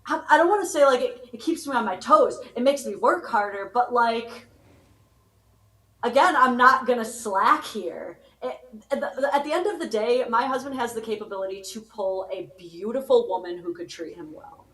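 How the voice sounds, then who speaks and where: A woman's voice: fairly high pitch, animated, normal speed, a bit bright, echoey room, rough recording. A woman guest in a live chat, talking casually and laughing often.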